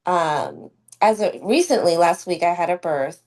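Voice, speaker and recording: A woman's voice: on the low side, animated, measured pace, darkish tone. A woman who works as a doula and student midwife, telling an emotional birth story in a casual podcast conversation. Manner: heartfelt storytelling, emphatic.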